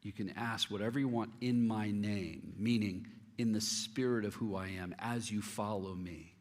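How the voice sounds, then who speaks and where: A middle-aged male pastor telling a story in a sermon, candid and humorous with animated delivery. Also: on the low side, normal speed. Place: church auditorium. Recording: long reverb of a church hall.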